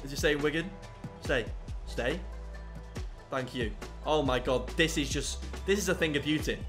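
A young man commentating his own football video game, swinging from low muttering to loud yelling. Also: normal speed, soft background music. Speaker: gaming YouTuber. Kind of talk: live gameplay commentary.

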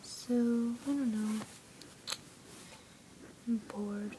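Teen girl whispering into her webcam, slow and rambly, kinda high voice. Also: fairly even intonation, background noise. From USA. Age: teens. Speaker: vlogger. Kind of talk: whispered casual vlog. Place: bedroom.

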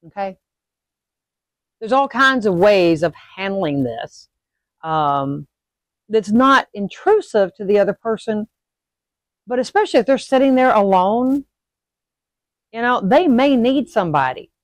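Her voice sits at medium pitch, with a measured pace and long pauses, captured in a dry recording. She's a woman leading a relaxed witchcraft class, tagging almost each point with "okay?" or "all right?", and she grows animated when she acts out abrupt emotions.

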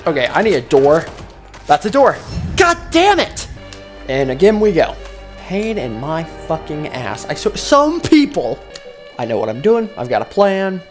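A man doing casual gameplay commentary, jokey and profane, breaking into loud excited outbursts. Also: on the high side, measured pace, over music. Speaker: gaming commentator. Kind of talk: casual let's-play commentary.

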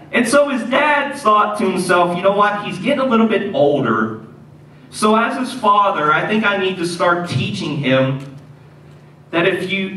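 High-voiced pastor preaching in an echoey hall. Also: male voice. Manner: animated storytelling, repeats lines for emphasis. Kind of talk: sermon. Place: church sanctuary. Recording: echoey church hall, mic at a distance.

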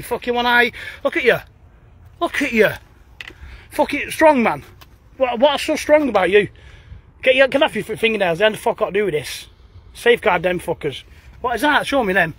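A man with a strikingly high voice hurls curses and taunts. His delivery is aggressive and relentless, recorded out in a street. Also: a bit bright, slightly rough, dry recording. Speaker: confronting a suspect on camera.

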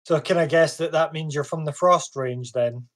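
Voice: mid-range voice, moderate pace, natural voice. A player voicing a guarded orc in a curt, defensive way. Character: gruff, guarded orc who drinks.

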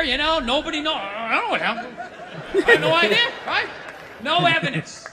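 A man doing a stand-up comedy routine, telling stories loudly and profanely and acting out characters in different voices. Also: very high-pitched, fairly quick, a crowd in the background, noisy background. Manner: loud, animated storytelling, profane, acts out characters.

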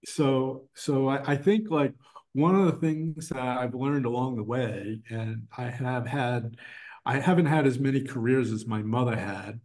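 A middle-aged man talks casually as an interview guest, his voice sitting at an ordinary medium pitch. He rambles, circling back with fillers and restarts as he thinks aloud. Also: unhurried, darkish tone. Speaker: guest, designer and art professor. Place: his art gallery.

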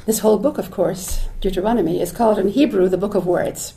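In a lecture hall, a woman with a medium-pitched, creaky, dark-toned voice speaks fast with hardly any pauses. Her public lecture is reflective and searching, full of restarts and asides as she thinks aloud, and she drops Hebrew phrases in along the way.

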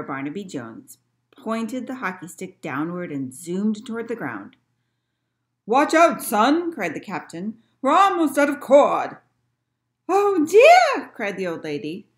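A woman librarian reading a picture book aloud to children in an expressive storytelling manner. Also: fairly low pitch.

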